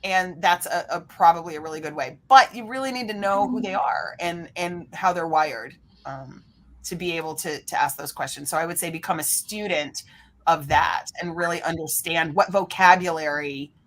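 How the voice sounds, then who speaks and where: Energetic woman guest coach, animated interview delivery. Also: lowish voice, moderate pace. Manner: energetic, lively, acts out quoted people. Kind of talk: animated podcast interview talk.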